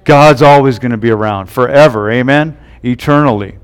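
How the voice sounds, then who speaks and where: A man's voice: medium pitch, moderate pace, clean tone. A male pastor preaching a sermon who keeps tagging his points with "right?" and "amen?". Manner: tags lines with "right?" and "amen?".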